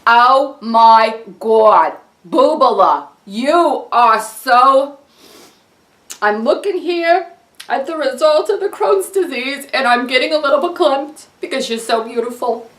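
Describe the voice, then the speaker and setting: A woman voicing a doting Long Island woman who gushes slowly and uses Yiddish words. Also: high voice, expressive, a bit bright, reverberant, distant mic, voice pushed up, exaggerated voice. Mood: gushing. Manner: drawn-out gushing, Yiddish words. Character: doting Long Island Jewish grandmother type, gushing.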